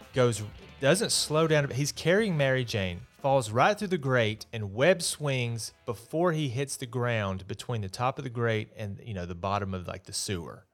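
A man hosting a podcast, giving a casual, opinionated solo movie review in a chatty, exasperated way. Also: medium pitch. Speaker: podcast host.

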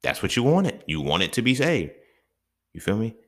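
A man's voice: lowish voice, sing-song, moderate pace, fairly bright tone. A man hosting a solo podcast, talking bluntly and profanely and often building into emphatic rants. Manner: keeps checking in with the listener. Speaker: podcast host. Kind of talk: unscripted solo podcast monologue.

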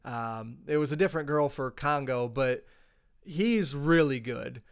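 A man's voice: medium pitch, measured pace, clear, resonant tone. A man co-hosting a podcast, chatting casually and rambling with fillers about movies and books. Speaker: podcast co-host. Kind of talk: casual chat.

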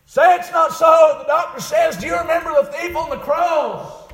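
A man preaching a fiery revival sermon, dropping to low murmurs and then rising into shouted, drawn-out cries. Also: reverberant.

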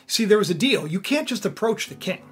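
A preacher retelling a scripture story in a sermon, animated and full of asides to the listeners. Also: medium pitch, fairly quick, breathy edge, faint music behind.

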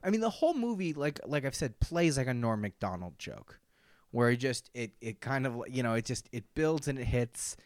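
A man's voice: medium pitch, animated, normal speed, a little mellow, no echo, clean studio sound. A young man co-hosting a podcast, chatting casually and animatedly with lots of fillers and laughs. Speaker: podcast co-host. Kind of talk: casual chat.

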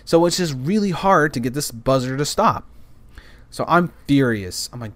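A man's voice: a little high, animated, normal speed, fairly bright tone, no room sound. A man telling a work story in a casual monologue, rambling, repeating words and cursing now and then.

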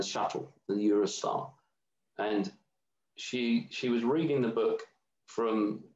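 A man's voice: on the low side, darkish tone. Reflective man, roomy dull sound. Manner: reflective, meandering storytelling with many restarts. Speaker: guest. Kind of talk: casual conversation.

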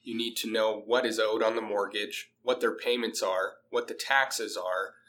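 A man's voice: fairly low pitch, steady tone, normal speed, a bit bright, a little hiss or hum, low-quality recording. A man hosting a podcast in casual chat, talking through a cold with fillers and restarts. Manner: chatty, many fillers and restarts. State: has a cold. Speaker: podcast host.

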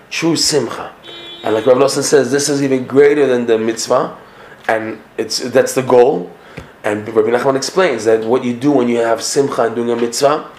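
Casting note: male Torah teacher, mid-pitched voice, emphatic and repetitive delivery, roomy echo. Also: darkish tone, slight background noise. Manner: earnest, emphatic, repeats and rephrases points. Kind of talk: Torah lesson.

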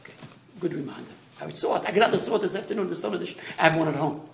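A rabbi leads a small Torah class in an echoey room. His voice sits high for a man and swings widely in pitch as he explains. He often restarts and tosses in asides. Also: rapid-fire, vocal fry, a little hiss or hum. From Australia. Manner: animated, stop-start explaining with many restarts and asides.

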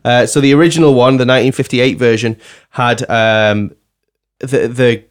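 In a casual podcast chat, the male host jokingly runs a film trivia quiz for the others, laughing often. He speaks at a moderate pace with a medium pitch and fairly even intonation.

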